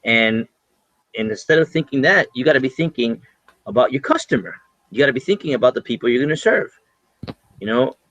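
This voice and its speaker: A man's voice: mid-range voice, expressive, brisk, pauses often, a bit bright, no room sound. A man joining a webinar over a call, chatting casually in a coaching tone. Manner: conversational, coaching tone. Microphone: online call. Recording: dull lo-fi call audio.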